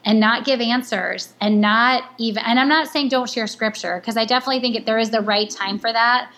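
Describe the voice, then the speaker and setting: A woman with a slightly high voice speaks as an interview guest, earnest and reflective. She thinks aloud, circling back and restarting her sentences as she goes. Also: brisk, hardly any pauses, fairly bright tone. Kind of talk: conversational interview.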